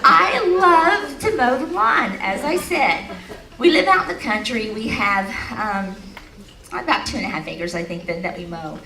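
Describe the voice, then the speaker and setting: A woman's voice: on the high side, expressive, measured pace. Storytelling woman speaker in an echoey hall. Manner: storytelling, laughing, leading the audience in affirmations. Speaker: speaker at an expo. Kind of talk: motivational talk to a live audience. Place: large hall at an expo. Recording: echoey hall recorded from a distance.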